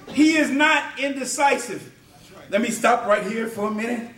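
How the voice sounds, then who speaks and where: A man preaching a sermon in a church, emphatic and often shouting, with a chanting "uh" between phrases. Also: very high voice, a little slow, a crowd in the background. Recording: echoey church, mic far off.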